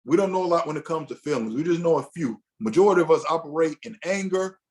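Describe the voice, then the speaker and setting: A man's voice: fairly high pitch, lively intonation, fast talker, darkish tone. A man leading a casual teaching session for a men's group, talking loosely with restarts and acting out what a husband might say to himself. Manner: conversational, loose, with frequent restarts and acted-out inner dialogue.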